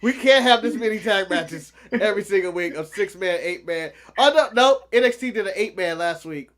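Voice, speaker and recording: Joking high-voiced man recapping wrestling. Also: a bit bright. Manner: joking, swears, mimics wrestlers in quick bits. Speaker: podcast co-host. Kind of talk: casual wrestling recap chat.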